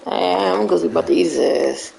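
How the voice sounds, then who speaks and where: A woman's voice: on the low side, a little fast, vocal fry, a little mellow. A woman streaming a game and chatting casually while she plays, laid back and a little defensive. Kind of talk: casual gameplay chat. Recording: roomy, echoey sound.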